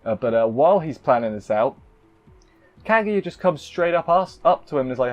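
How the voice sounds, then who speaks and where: A man's voice: medium pitch, animated, a little fast, muffled recording, soft background music. A man casually recapping an anime episode, rambling and cutting himself off with playful asides. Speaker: anime reviewer.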